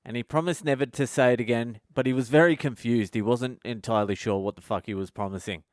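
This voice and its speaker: A male comedian hosting his podcast, telling a funny story in a casual, animated way and swearing constantly. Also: mid-range voice, quick pace, no room sound, clean studio sound. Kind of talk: casual comic storytelling monologue.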